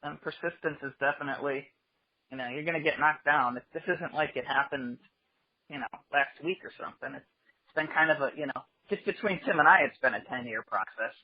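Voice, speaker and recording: A man's voice: on the high side, a little fast. A man speaking as an interview guest, plain-spoken and reflective. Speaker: interview guest, writer and director. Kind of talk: casual interview talk. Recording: dull, lo-fi remote audio.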